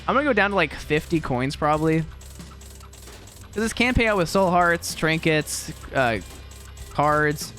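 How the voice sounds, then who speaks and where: A young man talks through a game in a loose, rambling way, his pitch sitting a little high and bouncing all over. He laughs often and pokes fun at himself between remarks, with faint game music running underneath. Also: expressive, unhurried, long pauses, fairly bright tone. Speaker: gaming video creator and teacher. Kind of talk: casual gameplay commentary.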